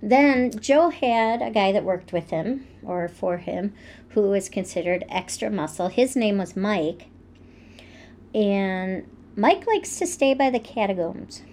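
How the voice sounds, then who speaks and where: A woman co-hosting a podcast, telling stories in a relaxed way with fillers. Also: medium pitch, slow pace. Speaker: podcast co-host. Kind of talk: casual storytelling chat.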